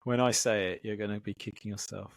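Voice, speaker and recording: Low-ish guy on a footy podcast, laid back, reads the fixtures, dry close mic. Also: fairly even intonation, fairly quick, gravelly, dry recording. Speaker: podcast co-host. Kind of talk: casual football chat.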